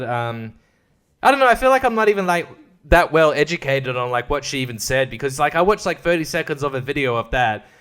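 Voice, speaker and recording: A male podcast host goes on a rambling, crude, comedic rant, laughing at his own jokes throughout this casual bit. His mid-range voice is a bit bright and comes through with a clean tone.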